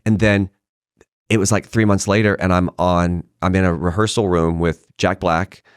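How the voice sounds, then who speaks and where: A middle-aged male actor guesting on a podcast, telling stories in a lively, casual way and acting out what other people said. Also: low voice, moderate pace, clear, resonant tone, dry recording, clean studio sound. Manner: animated storyteller who acts out quoted voices. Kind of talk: casual anecdotal storytelling. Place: podcast studio.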